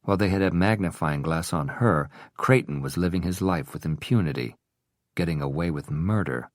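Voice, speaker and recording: Very deep-voiced male audiobook narrator. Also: moderate pace, dry recording, clean studio sound.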